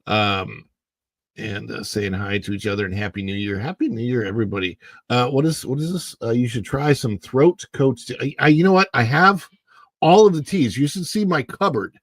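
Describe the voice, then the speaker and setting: A man hosting a casual livestream, chatting and reading viewer comments while his voice is hoarse from the morning and he keeps clearing his throat. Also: mid-range voice, normal speed, no room sound. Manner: rambling, chatty, greets viewers by name. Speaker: livestream host.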